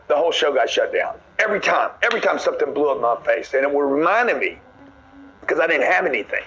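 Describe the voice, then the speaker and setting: A man delivers a forceful motivational talk, blunt and preachy as he pushes the listener to stop getting comfortable. His voice sits a little higher than most men's. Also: poor audio. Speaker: motivational speaker.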